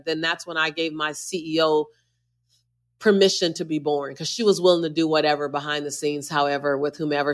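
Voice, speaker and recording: A woman's voice: sits low, fairly bright tone. A woman who is a motivational speaker, a guest on a podcast interview, talking with emphatic, preacher-like repetition.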